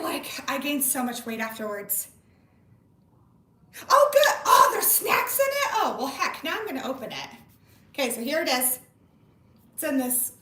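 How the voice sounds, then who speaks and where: Bubbly high-voiced woman on a livestream. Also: a bit bright, far from the mic. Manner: bubbly, gushing, chatty with viewers. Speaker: livestream host. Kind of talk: casual livestream chat. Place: home room. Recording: echoey room, away from the mic.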